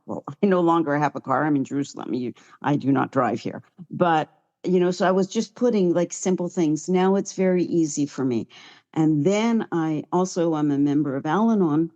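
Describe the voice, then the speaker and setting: A woman's voice: deep voice, darkish tone, muffled recording. A middle-aged woman giving a chatty, heartfelt personal recovery share at a meeting, sometimes close to tears. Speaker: guest speaker at a recovery meeting.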